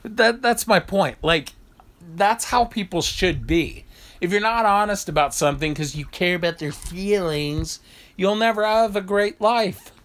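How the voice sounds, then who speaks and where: Man, vlogger, heated profane rant, fairly high voice. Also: a little slow, fairly bright tone. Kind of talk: ranting monologue.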